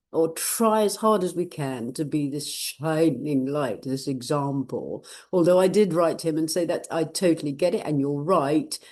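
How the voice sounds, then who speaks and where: A woman's voice: low voice, dark tone. An older woman chatting casually to her viewers, rambling and laughing often. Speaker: channeler and vlog host. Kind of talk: casual personal chat to viewers.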